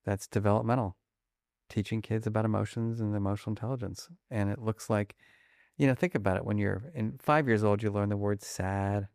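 A man being interviewed about his research, talking quickly and acting out little scenes as examples. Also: on the low side, clean tone, dry recording, clean studio sound. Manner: animated, fast-talking, acts out examples. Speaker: guest, emotion researcher. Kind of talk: conversational interview.

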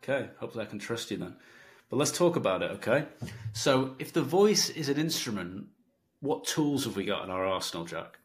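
A man's voice: medium pitch, big pitch swings, fairly quick. A man hosting a podcast as a sales coach, explaining with confidence and joking examples. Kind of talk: conversational teaching.

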